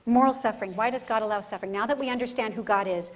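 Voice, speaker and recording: Brief: lively woman faith speaker, slightly high voice, storytelling lecture. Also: very fast. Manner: animated, acts out scenes, frequent "right?". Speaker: conference speaker. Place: conference center.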